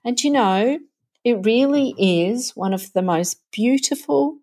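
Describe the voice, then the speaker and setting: A woman's voice: a little high, expressive, takes it slowly, mellow. A woman chats as a guest about her business and reading. She laughs often between phrases and talks openly and emotionally. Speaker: guest, nature play business owner. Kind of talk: casual interview chat.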